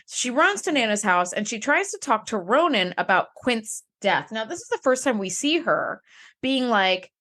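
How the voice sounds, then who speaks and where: A woman co-hosting a podcast, giving lively, exasperated commentary in casual chat. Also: a little high, normal speed. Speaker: podcast co-host.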